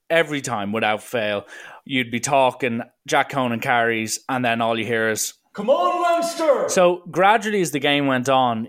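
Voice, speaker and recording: A man's voice: mid-range voice, a bit bright. A man, hosting a solo podcast and telling a story in a chatty, rambling way. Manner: rambling and chatty, with fillers and slang. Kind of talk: casual storytelling monologue.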